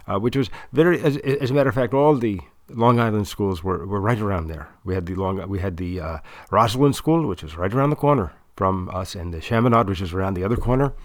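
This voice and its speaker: A man's voice: lowish voice, a little fast, few pauses, no echo, studio quality, lightly acted. A man voicing a chatty former debater in a mock Irish accent that drifts toward other British Isles sounds. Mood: excited. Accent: mock Irish, mixed with other British Isles sounds. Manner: rambling, excited storytelling.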